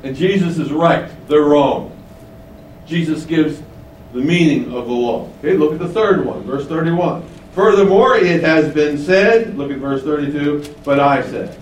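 High-voiced emphatic preacher in an echoey hall. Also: male voice, a little slow. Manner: emphatic, asks the congregation questions and repeats lines. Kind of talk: sermon. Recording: echoey room, mic at a distance, faint rumble.

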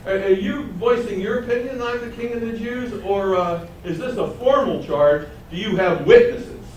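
A man voicing a calm adult man who pushes back with probing questions. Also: sits high, moderate pace, a little hiss or hum, pitched above the performer's own voice, close to an everyday voice. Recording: echoey room heard from a distance.

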